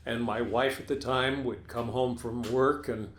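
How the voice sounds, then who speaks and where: A man's voice: medium pitch, steady tone, a little slow, reverberant, a little hiss or hum. A man in his sixties co-hosting a casual talk show, telling stories in a wry, self-deprecating way. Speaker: co-host. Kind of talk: casual chat.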